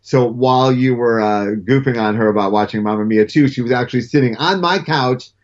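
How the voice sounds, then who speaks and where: A man's voice: mid-range voice, a little fast. A middle-aged man in casual chat as a guest, telling stories animatedly and often stammering and restarting his sentences. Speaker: comic book writer guest. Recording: dull lo-fi sound.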